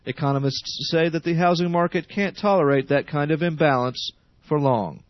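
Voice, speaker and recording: A man's voice: on the high side, normal speed, no echo. A man reading the radio news with sardonic editorial asides. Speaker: news reader. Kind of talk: radio newscast. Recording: dry, dull radio studio.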